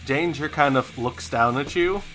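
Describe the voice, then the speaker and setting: A man's voice: mid-range voice, measured pace, over loud music. A man running a tabletop role-playing game, narrating events and calling for rolls. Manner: narrating actions, calling for checks. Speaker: game master.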